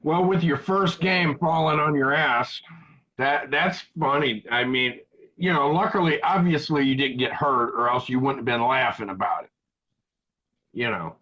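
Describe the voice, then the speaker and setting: A man's voice: medium pitch, measured pace, sharp tone, lo-fi sound. A man hosting a live web show in casual chat, rambling and joking with crude humor. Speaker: show host.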